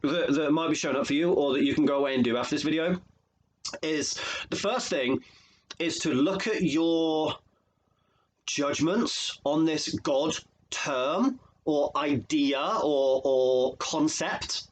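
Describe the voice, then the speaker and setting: A man's voice: a little high, a little slow, rough recording. A man from England, a life coach, talking earnestly and emotionally to camera, often repeating phrases for emphasis. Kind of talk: motivational video monologue.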